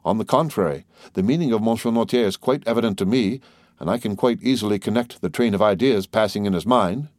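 Man doing a formal notary, patient and careful with his questions, lowish voice, dry. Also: darkish tone, no room sound, lightly acted. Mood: composed. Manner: measured, questioning.

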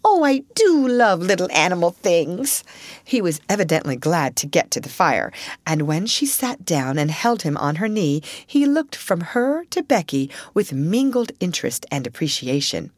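Expressive woman reading a story. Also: deep voice, dry recording. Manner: expressive, measured. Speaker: narrator. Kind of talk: audiobook narration.

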